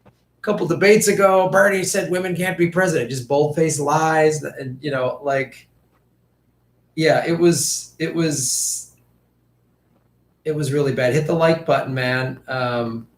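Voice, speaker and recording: A man ranting through casual political commentary, profane and mocking, slipping into quick impressions of politicians. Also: on the high side, echoey room, a little hiss or hum.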